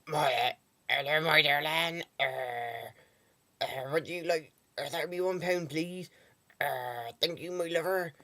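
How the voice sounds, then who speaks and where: A young man imitating a chatty middle-aged shop woman with a raspy smoker's voice and a West Country accent, calling customers darling. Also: on the high side, takes it slowly, bright, forceful tone, pitched above the performer's own voice, heavily acted. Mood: cheery. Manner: calls customers "darling" and "my lover".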